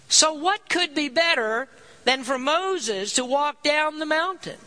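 A man's voice: very high voice, animated, normal speed, pushed and bright, rough recording. A man preaching a sermon, earnest, reading scripture aloud and stressing key points.

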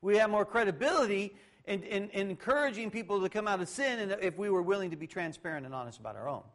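A middle-aged male pastor giving a conversational sermon, shifting between loud sarcastic mock voices and low asides. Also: lively intonation, quick pace.

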